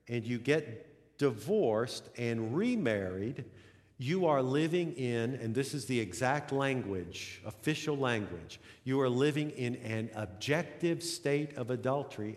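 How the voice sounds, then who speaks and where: A middle-aged man, a pastor, preaching a sermon, telling a story and building to emphatic peaks. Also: medium pitch. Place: church sanctuary. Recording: long hall reverb.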